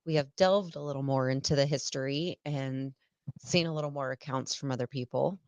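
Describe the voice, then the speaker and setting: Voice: medium pitch, brisk, darkish tone, no echo, lo-fi sound. A podcast co-host chatting eagerly and casually.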